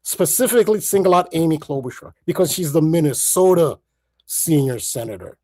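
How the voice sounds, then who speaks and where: A man's voice: on the high side, animated, fairly quick, darkish tone. Earnest man laying out a theory. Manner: earnest, building connections point by point, frequent restarts. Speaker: podcast co-host. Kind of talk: conspiracy-theory talk show monologue.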